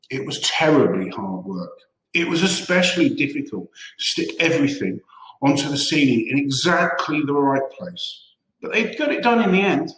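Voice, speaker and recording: A man's voice: on the high side, very animated, normal speed, fairly bright tone. A man reading a children's story aloud with expression, in an echoey room. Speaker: reader.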